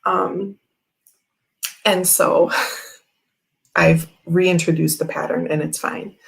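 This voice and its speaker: A young woman with a lowish voice and a gravelly, fry-laden edge talks casually to her livestream viewers. She rambles through a personal story, circling back with plenty of fillers. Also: level tone, slow pace, poor audio. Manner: rambling and chatty, with many fillers. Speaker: tarot channel host.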